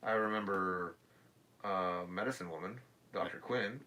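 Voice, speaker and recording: A man in his thirties co-hosting a casual talk show, loud and crude, laughing and singing old theme songs. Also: deep voice, measured pace. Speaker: podcast co-host. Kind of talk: casual chat.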